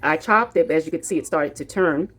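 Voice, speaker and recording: A woman's voice: low-pitched, a little fast, a bit bright. A woman with a New York accent hosting a casual cooking demo in her home kitchen, chatty and rambling as she talks straight to her viewers. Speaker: cooking channel host.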